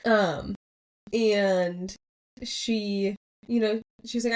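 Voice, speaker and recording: A woman's voice: medium pitch, fairly even intonation, slow pace, darkish tone. A young American woman co-hosting a casual book podcast, giggling and rambling through her retelling with lots of fillers. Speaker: podcast co-host. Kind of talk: casual book-club chat.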